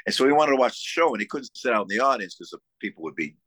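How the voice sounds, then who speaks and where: Speaking very fast, a Buffalo-area musician tells stories with gusto in a casual interview, though fillers and restarts keep breaking in. His mid-range voice is a bit bright with lively intonation, and there's no echo.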